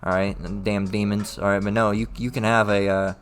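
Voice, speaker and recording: Low-voiced man teaching scripture casually. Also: little pitch movement, fairly quick, clear, resonant tone. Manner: repetitive, checks in with "all right?"; reads old-style scripture aloud with more lift. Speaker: religious teacher.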